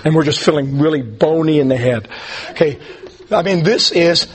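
A man's voice: a little high, moderate pace, slight background noise. A man teaching a Bible class in a casual, rambling way, with frequent ums and restarts.

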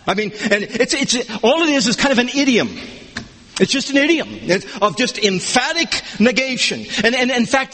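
A man preaching an expository sermon, emphatic and animated, swinging between loud declarations and low asides. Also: slightly rough. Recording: long hall reverb.

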